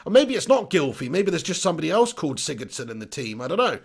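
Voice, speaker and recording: A man's voice: a little high, big pitch swings, quick pace, vocal fry, slightly rough. A man in his thirties hosting a live football watch-along, reading out chat messages and reacting with swearing and banter. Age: 30s. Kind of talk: live-streamed match reaction.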